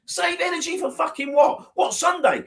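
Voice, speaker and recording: A man's voice: very high voice, expressive, normal speed, gravelly, a bit bright. A man, angrily ranting and swearing about his football team on a live watchalong. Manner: heated, sweary, repetitive ranting. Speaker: football fan co-host. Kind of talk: angry live match watchalong rant.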